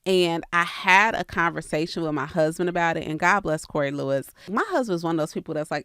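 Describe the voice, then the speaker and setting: A woman's voice: on the low side, lively intonation, normal speed, fairly bright tone, clear, resonant tone, dry recording, studio quality. A woman hosting a casual podcast monologue, talking candidly and earnestly to her listeners about faith and business. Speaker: real estate coach and podcast host.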